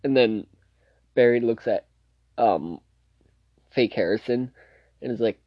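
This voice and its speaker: A man's voice: medium pitch, measured pace, pauses often, dry recording, lo-fi sound. A man casually recapping a TV show's plot, rambling and restarting as he loosely quotes the scenes. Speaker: TV show reviewer.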